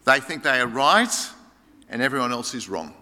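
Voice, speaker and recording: A man, a pastor preaching a sermon with animated emphasis that rises high and drops low. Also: normal speed. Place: church hall. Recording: long hall reverb.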